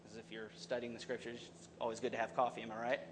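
A man's voice: medium pitch, flat delivery, fast, a little hiss or hum. A young adult man preaching a sermon as pastor, talking conversationally and asking the congregation questions.

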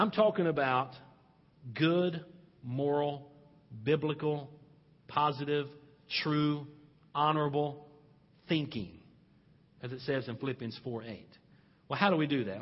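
A man's voice: fairly high pitch, slightly rough, long reverb tail, highs cut off. A male pastor preaching a sermon, stressing points and putting questions to his congregation.

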